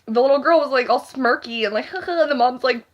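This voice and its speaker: A woman's voice: sits high, brisk, dull audio. A young adult woman ranting casually to camera in a vlog, rambling and profane, with a constant filler "like". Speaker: vlogger.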